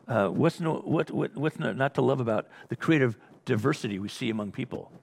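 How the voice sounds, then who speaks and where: Gravelly, husky male pastor preaching. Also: mid-range voice, fairly quick. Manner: conversational preaching with frequent restarts and acted asides. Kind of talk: sermon.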